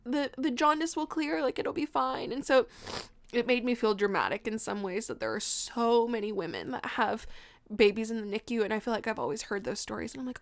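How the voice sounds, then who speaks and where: A young woman telling her birth story on a podcast, often laughing through tears and saying "like". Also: mid-range voice. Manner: tearful, laughing through tears, fills talk with "like". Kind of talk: emotional personal storytelling.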